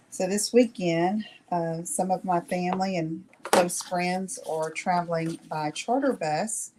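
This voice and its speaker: A woman's voice: fairly low pitch, background noise. A middle-aged woman hosting a live craft demonstration, chatting with viewers and checking in with "okay?" after each step. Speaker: craft tutorial host.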